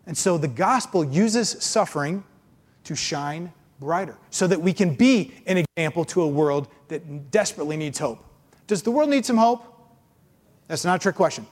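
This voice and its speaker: Guy pastor preaching, lively, mocks complainers in silly voices, big echoey church. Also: fairly high pitch, moderate pace. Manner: animated, acts out complainers in mocking voices. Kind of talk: sermon.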